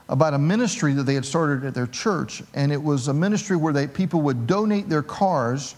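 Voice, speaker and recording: Middle-aged male pastor, a touch high-pitched, animated sermon storyteller with a joking streak. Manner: animated storytelling with self-mocking humor.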